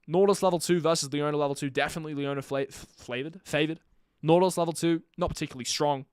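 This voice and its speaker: A young man live-streaming his own commentary on an esports match, chatty with jokey asides and bursts of energetic play-by-play. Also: fairly high pitch, quick pace, smooth, dry recording, clean studio sound.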